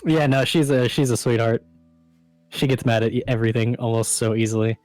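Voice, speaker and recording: A man's voice: medium pitch, fairly even intonation, brisk, darkish tone, no room sound, soft background music. Profane, rambling male stream host. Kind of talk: casual chat.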